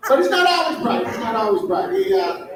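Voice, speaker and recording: A man with a high voice tells self-mocking stories on stage and chuckles as he delivers his punchlines. He sounds distant and echoey in a big hall, with a crowd murmuring behind him. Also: very animated, a little fast. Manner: self-deprecating storytelling, laughing through punchlines. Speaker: stand-up comedian. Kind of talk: stand-up comedy set. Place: large hall at a live benefit show. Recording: echoey hall, distant mic, audience noise.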